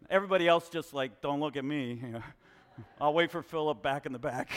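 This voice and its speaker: A man preaching a sermon to his congregation, questioning them in an animated way. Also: sits high, in a large hall. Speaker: pastor. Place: church hall with a congregation.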